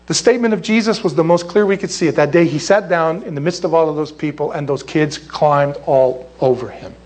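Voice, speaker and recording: A middle-aged man from California preaching a sermon as a pastor, jokey and animated, squealing when he acts out quotes. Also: fairly high pitch, brisk.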